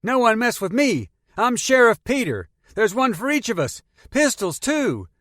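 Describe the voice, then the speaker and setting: Brash gun-happy teen boy, high and loud, as a male audiobook narrator puts him on, dry close sound. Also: very animated, normal speed, no echo. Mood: excited. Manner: loud, boastful, shouting. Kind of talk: audiobook character voice.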